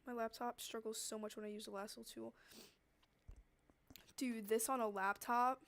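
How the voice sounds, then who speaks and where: A young woman with a slightly high voice chats loosely with her viewers while she works on a drawing. She rambles, laughs often and trails off mid-thought, and a cough has left her throat scratchy. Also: fairly even intonation, moderate pace. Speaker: streamer chatting with viewers. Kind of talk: casual chat while drawing.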